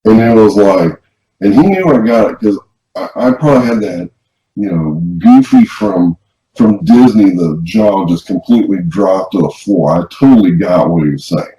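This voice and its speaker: A man with a low, warm voice tells a personal story in a loose, rambling way, often circling back and restarting his sentences. He sounds casual and conversational. His voice carries a roomy echo and a dull, lo-fi edge. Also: lively intonation, moderate pace. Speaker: podcast co-host.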